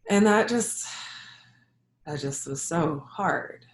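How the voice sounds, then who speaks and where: A middle-aged woman, a health practitioner and yoga teacher, sharing a personal story in a reflective, halting way with soft laughs. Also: fairly low pitch, lively intonation, a little hiss or hum. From Jamaica. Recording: echoey room.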